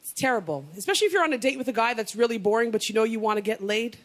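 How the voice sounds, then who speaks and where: Racing and animated, a woman with a voice on the high side works through a raunchy, hard-hitting stand-up routine on stage, breaking into exaggerated impressions. She's from North America, and the live audience's laughter and noise are loud in the recording.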